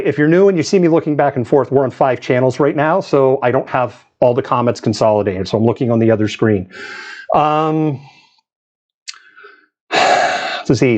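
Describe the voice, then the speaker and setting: A man's voice: medium pitch, a little mellow. A man from the US East Coast hosting a live news stream, talking in a chatty, digressive way and laughing often. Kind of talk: casual live-stream commentary.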